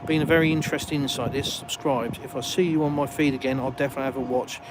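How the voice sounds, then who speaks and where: He talks fast, with a medium pitch and fairly even intonation. A southern-accented man from England, he walks outdoors in a village hosting a live stream, reading comments and chatting casually with viewers while mocking himself, over passing cars and street noise on a noisy phone stream.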